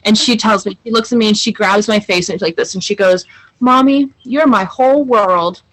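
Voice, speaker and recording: Bright-voiced mom telling stories. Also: female voice, medium pitch, fast talker, breathy edge, low-quality recording. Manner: animated storyteller, acts out family dialogue. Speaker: guest, client. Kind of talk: casual interview chat.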